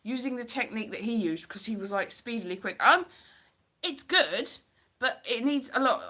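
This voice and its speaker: A woman's voice: mid-range voice, bright, forceful tone. A woman from Wales talking casually to camera in a rambling, self-deprecating vlog, full of fillers and restarts. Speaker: vlogger. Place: home, London.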